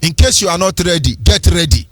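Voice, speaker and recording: A man's voice: fairly high pitch, animated, brisk, fairly bright tone, slightly rough, no room sound. A man with a Nigerian accent hosting a fiery political radio commentary, ranting in an impassioned, preachy sing-song. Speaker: radio host.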